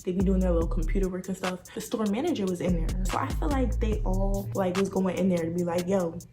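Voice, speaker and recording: A young woman vlogger telling a story in a lively, slangy, dramatic way. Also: lowish voice, fast talker, music in the background. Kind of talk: casual storytime vlog.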